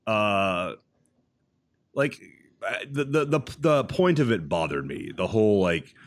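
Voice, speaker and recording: A man with a fairly low voice co-hosting a casual film podcast. He talks bluntly and crudely and trips over his own words as he restarts sentences. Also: sing-song, unhurried, no echo. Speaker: podcast co-host.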